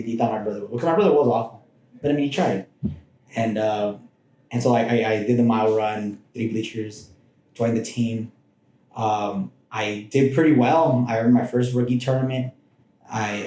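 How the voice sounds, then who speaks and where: Rambling mellow-voiced man telling stories. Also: mid-range voice, a little hiss or hum. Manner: rambling, with frequent restarts and asides. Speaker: podcast guest. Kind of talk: casual personal storytelling. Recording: roomy echoing room.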